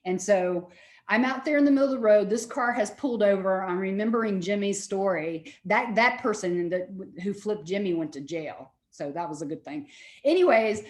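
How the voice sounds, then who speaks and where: A woman lecturer and therapist telling stories in an animated way, often repeating herself. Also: medium pitch, a little fast, roomy sound. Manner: animated storytelling with repetitions. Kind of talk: recorded lecture.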